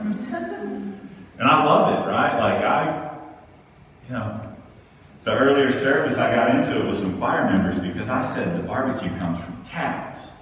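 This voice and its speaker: Thirties male pastor, low voice, casual conversational sermon, roomy reverberant church pickup. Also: a bit bright, slight background noise. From Texas. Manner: conversational, keeps asking "right?". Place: large church sanctuary. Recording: echoey hall, mic far off.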